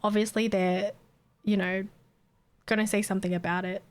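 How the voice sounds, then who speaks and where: A woman's voice: medium pitch, level tone, moderate pace, clear, resonant tone. A young Australian woman with an Australian accent, chatting casually with her stream viewers in a blunt, sweary way and laughing often.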